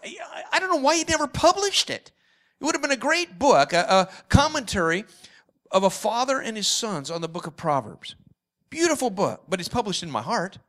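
Man, parenting talk, lively swooping pitch, enthusiastic, animated. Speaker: parenting seminar speaker.

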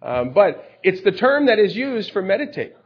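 A man's voice: sits high, big pitch swings, normal speed, slightly rough. A man preaching a sermon in a conversational way, explaining scripture through everyday stories. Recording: dull lo-fi recording.

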